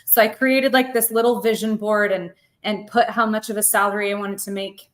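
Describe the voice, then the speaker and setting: A woman's voice: medium pitch, level tone, fairly quick. A woman in her thirties, a podcast guest, telling a personal story earnestly and emotionally, close to tears and repeating words as she goes. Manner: earnest, heartfelt, with frequent word repeats.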